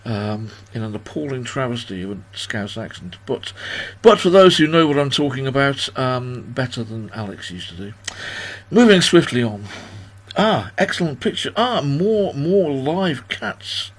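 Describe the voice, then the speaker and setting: A man's voice: medium pitch, very animated, a little slow. Rambling, self-deprecating man in his sixties. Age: 60s. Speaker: host of a livestream birthday party. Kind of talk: casual chat. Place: at home.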